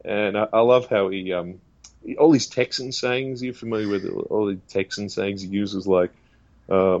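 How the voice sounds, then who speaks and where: Low-voiced man, dull lo-fi sound. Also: steady tone, a little mellow, no echo. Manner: breaks into quick celebrity and preacher impressions, laughs often. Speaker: impressionist guest. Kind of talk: casual interview chat with impressions.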